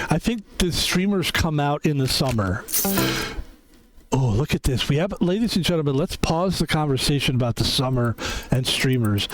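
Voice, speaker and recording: A man's voice: fairly high pitch, a little hiss or hum. A middle-aged man streaming a poker game, chatting in a rambling, self-correcting way and swearing casually. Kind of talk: casual chat while playing poker.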